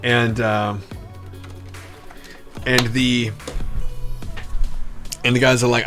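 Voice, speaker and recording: A man's voice: medium pitch, takes it slowly, long pauses, a bit bright, soft background music. A man hosting a podcast, telling a long story in a rambling, profane way with digressions.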